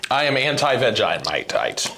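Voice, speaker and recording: Animated joking man ranting on camera. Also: medium pitch, measured pace, creaky. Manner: animated, joking, exaggerated complaints. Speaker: channel host tasting snacks. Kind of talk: casual snack-tasting chat.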